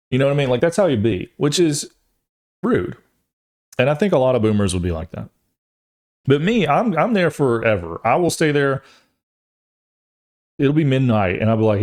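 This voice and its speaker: A man's voice: medium pitch, sing-song, moderate pace, pauses often, darkish tone. A man in his thirties, a podcast host, telling a long rambling story in a casual way and acting out the voices of other people as he goes.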